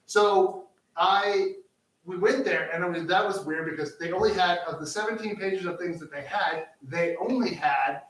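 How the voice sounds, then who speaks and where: While cooking on a live show he co-hosts, a man with a high, somewhat bright voice talks at normal speed in casual, rambling chat packed with fillers and restarts. The audio comes from a distant mic in a roomy space, with faint noise.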